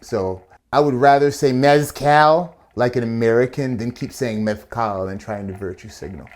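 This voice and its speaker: A man's voice: medium pitch, moderate pace. A man hosting a casual cocktail tutorial, chatty and playful, with asides and slang as he builds a drink. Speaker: bartender and channel host.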